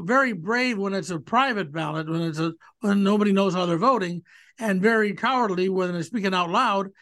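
A man's voice: sits high, a bit bright. A man in his sixties chatting about politics as a guest, rambling and hesitant with many fillers. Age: 60s. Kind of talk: casual political chat.

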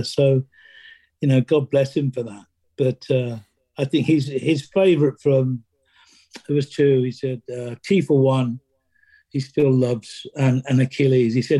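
Man in an interview, mellow voice. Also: medium pitch. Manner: halting, many restarts and fillers, acts out quoted lines. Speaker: interview guest, drummer. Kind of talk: conversational storytelling.

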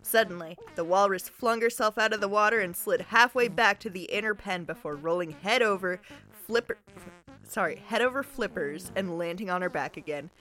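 A woman podcast co-host reading a comic story aloud with a giggly, animated delivery. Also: mid-range voice, moderate pace.

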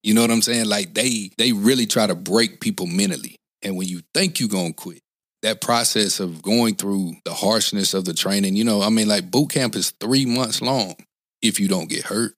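A former Marine in his forties speaks at a normal pace in a lowish, slightly bright voice, recorded with no echo. In this casual interview he's earnest but rambling, often restarting and repeating "you know what I'm saying".

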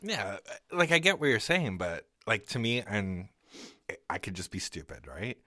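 A man's voice: fairly low pitch, big pitch swings, measured pace, sharp tone, no echo, clean studio sound. A man from Canada co-hosting a podcast, talking bluntly and chattily, with "like" in most sentences. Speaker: podcast co-host. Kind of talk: casual film discussion.

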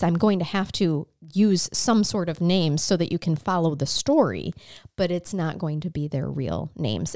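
A woman's voice: lowish voice, a little mellow, dry recording, clean studio sound. A young adult woman co-hosting a podcast, telling stories in a chatty, laughing way. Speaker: podcast co-host. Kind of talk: casual chat.

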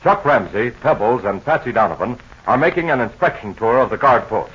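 A man giving scripted radio serial narration in a smooth, measured way. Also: mid-range voice, animated, fairly bright tone. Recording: dull old radio transcription.

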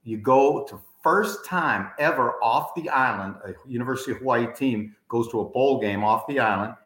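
A man hosting a casual sports interview, an animated storyteller who swears his stories are true. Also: medium pitch, normal speed. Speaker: podcast host. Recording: roomy echo.

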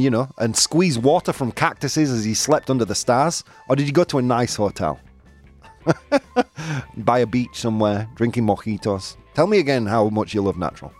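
Yorkshire male host, animated pitch, jokey with live chat, light music underneath. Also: moderate pace. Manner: playful, laughing, teasing the chat. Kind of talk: live-stream game show chat.

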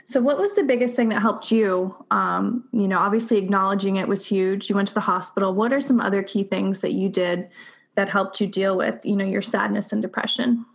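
A woman's voice: medium pitch, fairly even intonation, a little fast, gravelly. Affirming woman podcast host. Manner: affirming, uses filler words like "like" and "you know". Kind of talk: supportive interview chat.

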